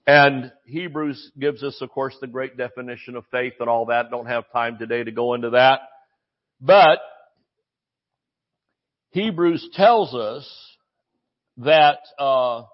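A man's voice: medium pitch, slow pace, long pauses, muffled recording. An older man preaching a sermon in a folksy, rambling way, full of asides and restarts.

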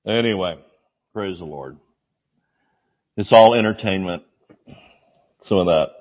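Male evangelist, excitable sermon delivery, yelling bursts and chatty anecdotes, slightly dull lo-fi recording. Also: low voice, unhurried. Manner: excitable, yells when preaching. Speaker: preacher. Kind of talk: sermon with humorous stories.

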